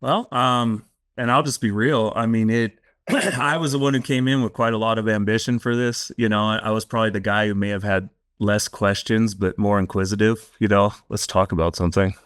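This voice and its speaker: A man talking as a guest in a casual interview, telling his stories candidly and with lively quoting. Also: fairly low pitch, moderate pace, clear, resonant tone, dry recording, clean studio sound. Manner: candid storyteller, lively when quoting others.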